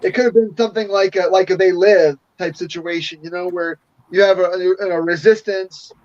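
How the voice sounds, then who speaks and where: An eager man with a high voice chats about tabletop games with animated enthusiasm. The recording sounds dull and muffled. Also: moderate pace. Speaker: podcast panelist.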